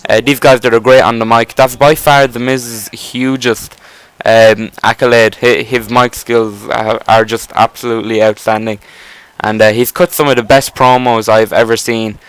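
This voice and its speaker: Smooth-voiced man rambling over gameplay. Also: mid-range voice, flat delivery, moderate pace, dry recording, rough recording. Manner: enthusiastic, rambling, casual swearing. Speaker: gameplay commentator. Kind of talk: casual rambling commentary.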